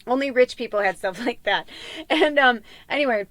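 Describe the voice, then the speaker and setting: A woman's voice: fairly high pitch, moderate pace, fairly bright tone, no echo. A middle-aged woman hosting a casual tarot reading podcast, talking in a rambling, heartfelt way full of fillers and asides. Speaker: tarot reader and podcast host.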